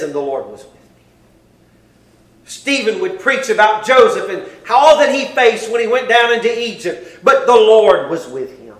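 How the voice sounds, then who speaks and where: A male preacher giving a sermon. He recites King James scripture and moves between hushed, quiet passages and loud, pleading ones. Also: sits high, roomy sound, low-quality recording. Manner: swings from hushed near-whispers to loud impassioned pleading.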